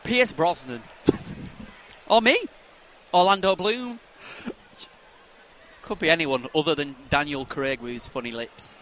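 A man co-hosts a casual podcast in a bright, slightly high voice. He jokes with his friend, and his talk swings between loud bursts and quiet asides. Faint outdoor city noise sits behind him. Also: expressive, slow, pauses often. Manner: joking, chatty, jumps between loud outbursts and mutters. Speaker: podcast co-host. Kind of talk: casual chat.

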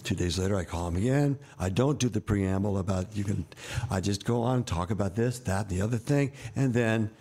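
Man, 70s, husky, lowish voice, rambling storyteller, wry. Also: a little fast, warm tone. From United States. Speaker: guest, actor and director. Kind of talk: candid storytelling interview.

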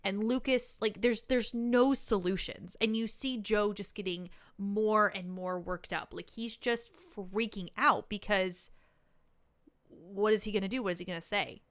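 Her voice is mid-range and a little slow. Co-hosting a podcast, she chats casually through a film recap, bringing it to life by acting out what the characters say.

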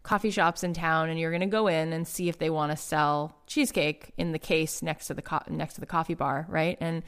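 Female co-host, low smooth voice, talks through examples. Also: fairly even intonation, brisk, fairly bright tone. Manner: explains with examples, asks questions. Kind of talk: casual conversational chat.

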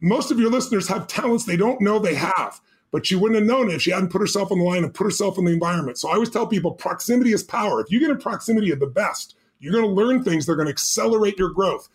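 Fast-talking high-voiced man, emphatic. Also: expressive. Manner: emphatic, urgent, punchy delivery. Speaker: guest. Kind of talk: motivational storytelling.

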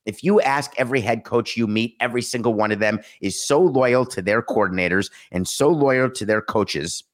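A man's voice: medium pitch, normal speed. A middle-aged man hosting a sports talk show, commenting casually with sarcastic, mocking asides. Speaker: sports talk podcast host.

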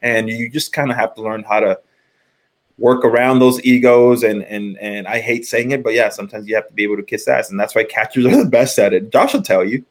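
A middle-aged man with a low voice talks casually on a podcast. He rambles, restarting his sentences and leaning on fillers as he goes. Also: fairly even intonation, a little fast. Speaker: podcast co-host, former college pitcher. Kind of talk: casual sports chat.

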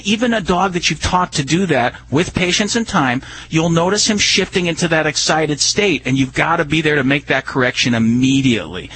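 A man on a radio talk show, explaining dog behavior and training in a calm, earnest way. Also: fairly high pitch, slight background noise, poor audio. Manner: calm, earnest explaining with many "you know"s. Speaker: dog trainer answering listener questions.

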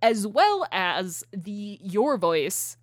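A woman co-hosting a podcast in casual chat, animated and laughing often, often restarting her sentences as she talks into a shared microphone. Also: mid-range voice, very slow, no room sound, studio quality. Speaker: podcast co-host. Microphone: shared single microphone.

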